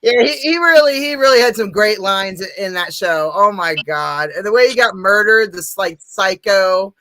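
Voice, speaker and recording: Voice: medium pitch, expressive, normal speed, sharp tone. A host gushing in casual chat, swearing freely and laughing often. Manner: gushing, profane, laughs a lot.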